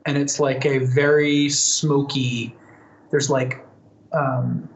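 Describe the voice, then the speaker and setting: A man's voice: medium pitch, little pitch movement, slow, vocal fry. A man answering fan questions in a casual live Q&A, chatty and thoughtful, with plenty of fillers and restarts. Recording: roomy echo, faint ambience.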